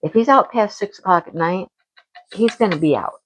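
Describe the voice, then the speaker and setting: A woman chatting casually at home as a crafting vlogger, animated and talkative, acting out her own past remarks. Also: medium pitch, moderate pace, slight background noise, poor audio. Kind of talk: casual chat about crafts and home life.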